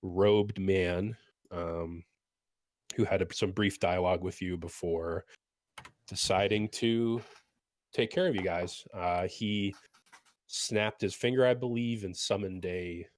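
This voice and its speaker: A man with a hoarse, sick voice from a cold, game master recapping a tabletop session in an easygoing way with lots of ums. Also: deep voice, fairly even intonation, slow pace, no room sound, clean studio sound. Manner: easygoing, many filler ums.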